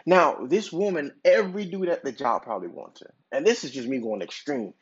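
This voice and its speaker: Speaking fairly quickly in an expressive, husky, slightly high voice, this podcast host rambles through a long hypothetical tale, full of fillers and false starts, on a dull lo-fi recording.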